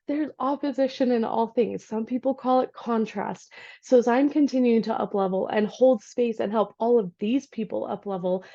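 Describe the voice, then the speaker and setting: A woman in her thirties, an energy healer, chatting casually in a vlog from her home office, animated as she retells her day. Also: a little high. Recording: dull lo-fi recording.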